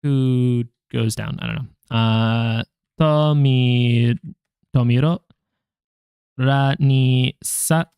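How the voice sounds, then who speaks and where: This casual self-talk comes from a young vlogger learning a language: he mutters syllables one by one over flashcards and pokes fun at his slip-ups for viewers. His voice is mid-range, clear and resonant with a darkish tone and fairly even intonation, spoken very slowly with no echo.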